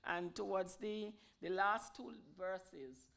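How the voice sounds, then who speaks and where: A woman's voice: medium pitch, takes it slowly, gravelly, a bit bright. A woman from Montserrat, getting over a cold, who teaches a folk song line by line and then leads it in call and response. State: recovering from a cold. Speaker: song leader.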